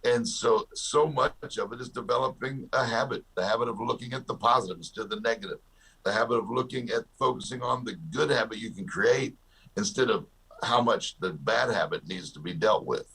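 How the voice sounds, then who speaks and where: A man's voice: medium pitch, fairly quick, fairly bright tone, husky. A man, a guest author and success coach, talking in an interview and telling jokey stories with a laugh. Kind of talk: storytelling interview talk.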